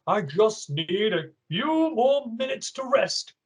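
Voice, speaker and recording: A man's voice: high voice, big pitch swings, slow, breathy edge, pitched above the performer's own voice, full character voice. A man voicing a weary old elephant. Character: old weak tired male elephant.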